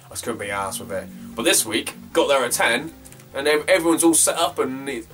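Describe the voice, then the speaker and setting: A man's voice: mid-range voice, a little fast, fairly bright tone. Chatty man, distant mic. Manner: rambling, chatty, swears freely. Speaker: retro game collector. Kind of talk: casual vlog chat. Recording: distant from the mic, faint guitar music behind.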